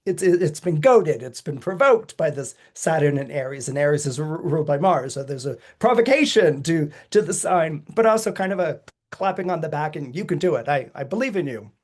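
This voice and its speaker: Speaking at normal speed with few pauses, a man explains astrology on a podcast in an animated style. He laughs often and jumps around in pitch when acting out quoted lines.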